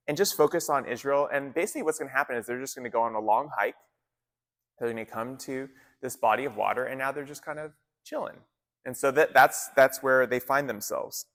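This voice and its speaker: Male pastor, laid-back sermon, mid-pitched voice, echoey hall. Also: brisk, a bit bright. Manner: conversational, casual slang, frequent restarts. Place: church gathering in an arts center.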